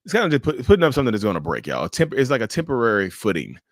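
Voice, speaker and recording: A man hosting a casual livestream, animated and joking, often stumbling and restarting as he answers viewers' questions. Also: medium pitch, rapid-fire, no echo, clean studio sound. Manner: addresses viewers as y'all, answers chat questions. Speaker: livestream host.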